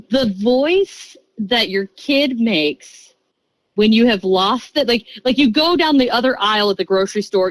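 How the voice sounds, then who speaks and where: A lively woman in her thirties, telling a story as a podcast guest at a middle pitch. She rattles along in quick chatty bursts and acts out every quoted voice. The sound is close and dry, with no room around it. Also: no echo, poor audio. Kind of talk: casual storytelling.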